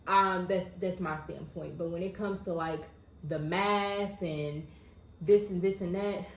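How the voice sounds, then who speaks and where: Chatty woman with a lowish voice. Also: fairly even intonation, unhurried, reverberant, slight background noise, low-quality recording. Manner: chatty, laughs often. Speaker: co-host. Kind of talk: casual chat.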